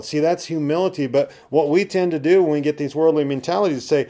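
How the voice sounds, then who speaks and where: Mellow-voiced man preaching a sermon. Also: a little high, fairly even intonation, fast talker, few pauses. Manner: rising to emphatic peaks when acting out quoted attitudes; conversational teaching with tag questions. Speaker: pastor.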